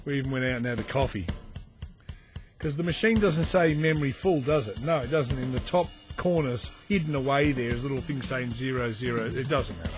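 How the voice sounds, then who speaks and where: A man's voice: mid-range voice, a little fast, over music. A man hosting a comedy podcast, rambling through a dry, mocking monologue and getting easily sidetracked.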